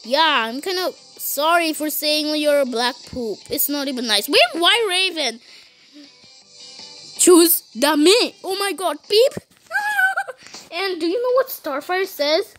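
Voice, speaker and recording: A woman's voice: sits high, lively intonation, a little slow, a bit bright, faint music behind. A woman giving playful gameplay commentary, bantering with cartoon characters, giggling and saying "beep" in place of swear words. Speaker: gaming YouTuber.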